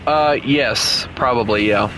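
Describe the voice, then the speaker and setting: A man streaming a game and chatting casually with viewers, playful and teasing. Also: mid-range voice. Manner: playful, teasing, slow and rambling. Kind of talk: casual gaming chat with viewers. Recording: loud game noise and vehicle sounds behind.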